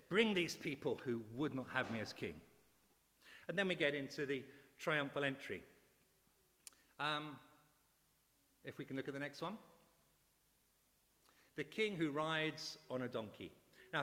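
A middle-aged man preaching a sermon, telling stories with animated, excitable bursts. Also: measured pace, long pauses. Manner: warm, animated storytelling with sudden high excited bursts. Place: church. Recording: church hall with long reverb.

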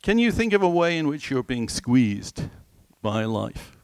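A man preaching a sermon in a conversational, animated way, asking the listeners questions and slowing down for scripture. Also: mid-range voice, clean tone, no echo. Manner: slows right down when quoting scripture.

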